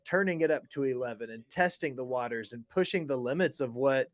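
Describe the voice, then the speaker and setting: A man's voice: medium pitch, fairly quick, dry recording. Rambling, emphatic male voice, casual chat, dry close mic. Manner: emphatic, rambling, with many fillers.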